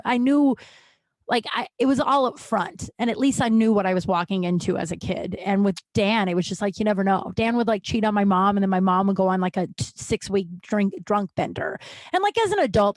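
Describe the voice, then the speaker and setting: A woman's voice: medium pitch, dry recording. A young woman hosting a podcast, telling a story in a rambling casual way, full of fillers and restarts. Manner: rambling, many "like" fillers and restarts, wry laughs. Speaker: podcast host.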